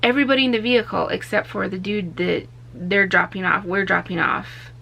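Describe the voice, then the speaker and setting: A young woman vlogger from Arizona telling a story in a casual, animated way, acting out what people said. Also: medium pitch, fairly quick, vocal fry. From Arizona, USA. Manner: animated, acts out quotes with raised voice.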